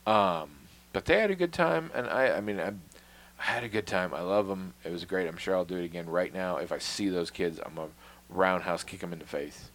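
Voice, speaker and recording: Wry, low-voiced man telling stories. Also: moderate pace, a bit bright. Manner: wry, self-deprecating, swears freely, drops to a mutter on asides. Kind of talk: casual storytelling chat.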